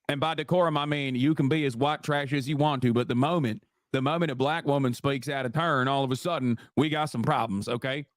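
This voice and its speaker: A man's voice: on the high side, brisk, hardly any pauses, no room sound. Profane man ranting on a stream. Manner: profane, heated ranting with frequent laughs. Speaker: livestream host. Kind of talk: live reaction commentary.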